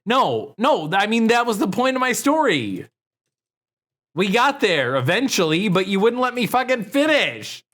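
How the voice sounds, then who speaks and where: Lively slow-talking male podcast co-host. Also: high voice. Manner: joking, profane, trailing off with fillers. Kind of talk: casual comedy podcast banter.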